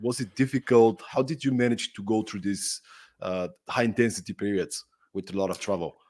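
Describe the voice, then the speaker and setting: A man's voice: fairly low pitch, steady tone, brisk, a little mellow. A man hosting a podcast interview, friendly and conversational, often tagging sentences with "right?" and "like". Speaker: podcast host. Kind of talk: casual interview.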